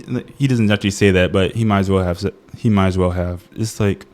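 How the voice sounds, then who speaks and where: A man's voice: deep voice, steady tone, a little fast, few pauses, darkish tone. A man giving a casual, comedic movie review, ranting in exasperation, often laughing and restarting his sentences.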